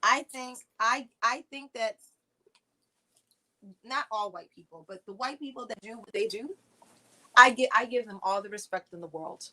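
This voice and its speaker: A woman hosting a casual livestream from her living room, talking fast and loose, swearing and mocking politicians. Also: medium pitch. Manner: animated, profane, mocking impressions. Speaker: livestream host.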